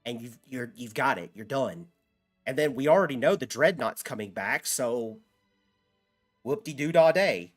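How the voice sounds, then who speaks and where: A male game streamer talks in a loose, rambling way at a middle pitch, cursing freely and answering chat. Game music plays faintly underneath. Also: lively intonation, normal speed, slightly rough. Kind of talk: casual live-stream chat while gaming.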